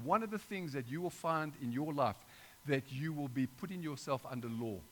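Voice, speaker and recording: A middle-aged male preacher giving an informal sermon, his voice sitting a little above the usual male range. He speaks conversationally and rambles, breaking off for asides and restarting his sentences as he goes. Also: on the high side.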